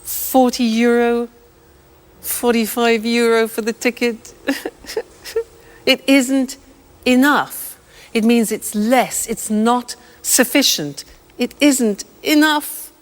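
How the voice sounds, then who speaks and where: A woman teaching English vocabulary slowly and clearly, explaining step by step with examples. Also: a little high, in a large hall. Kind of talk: slow, clear language lesson.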